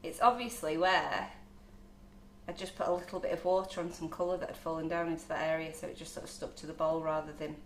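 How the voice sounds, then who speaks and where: A woman's voice: deep voice, fairly even intonation, fast talker, slight background noise. A woman demonstrating cake decorating in a live kitchen session, chatting as she measures and mixes colours. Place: large echoey kitchen. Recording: echoey kitchen.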